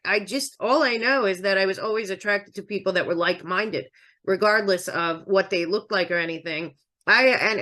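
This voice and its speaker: A woman's voice: mid-range voice, a bit bright. A woman from the Philadelphia area speaking as a podcast guest, emphatic and opinionated in her commentary. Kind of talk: political commentary in conversation.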